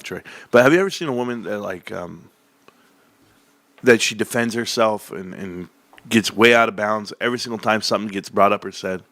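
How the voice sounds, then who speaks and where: A man's voice: lowish voice, fairly bright tone, dry recording. A man ranting in a casual, sarcastic and profane commentary as a stock market commentator.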